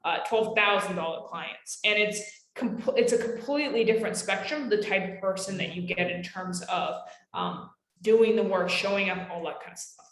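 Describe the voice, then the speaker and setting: A woman's voice: mid-range voice, moderate pace, few pauses. A young adult woman presenting a live webinar in a casual, emphatic way, often calling her listeners guys. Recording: roomy echo.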